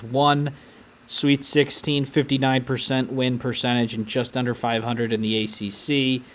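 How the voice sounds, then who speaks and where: Man rattling off college basketball stats. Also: mid-range voice. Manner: stat-heavy, measured, some restarts. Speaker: podcast co-host. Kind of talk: casual sports analysis chat.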